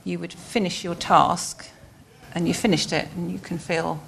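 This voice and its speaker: A married woman speaking earnestly and in a measured way as a panel guest. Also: on the low side, steady tone, gravelly, fairly bright tone, slight background noise. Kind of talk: panel discussion.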